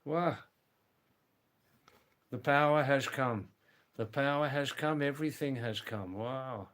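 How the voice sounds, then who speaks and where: An older man hosts a relaxed live stream and talks at an unhurried, drawn-out pace. His voice is smooth and clear, and he greets each viewer by name. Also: medium pitch. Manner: slow, chatty, greets viewers by name, often says wow.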